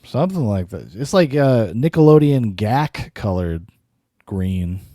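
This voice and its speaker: A man's voice: lowish voice, sing-song, a little slow, dark tone, no room sound, clean studio sound. A man hosting a podcast, giving casual, sardonic reaction commentary with cursing and laughing asides. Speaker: podcast host.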